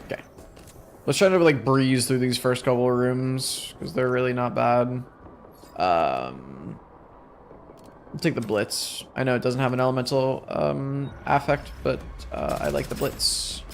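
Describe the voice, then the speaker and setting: A young man talks through his game run in a tired, rambling, self-deprecating way, joking about his own skill. His voice sits in an ordinary middle pitch. A faint hiss of noise runs under the recording. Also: a little slow, gravelly. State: exhausted. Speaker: streamer. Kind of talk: casual gameplay commentary.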